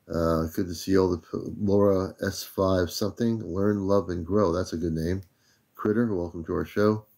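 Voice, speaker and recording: An older American man hosting a casual livestream, relaxed and easygoing, greeting viewers one by one by name. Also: deep voice. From United States. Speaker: livestream host.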